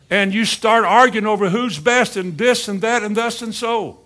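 A man delivering a sermon in a fairly high voice. He peppers the congregation with rhetorical questions and slips into dry sarcasm. He drops into quiet asides, then climbs back up for emphasis. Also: normal speed, hardly any pauses. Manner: swings between quiet asides and rising emphasis. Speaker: preacher.

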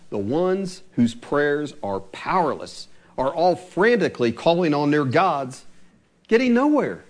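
A middle-aged man preaching a sermon as pastor, animated and asking his listeners rhetorical questions. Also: on the high side.

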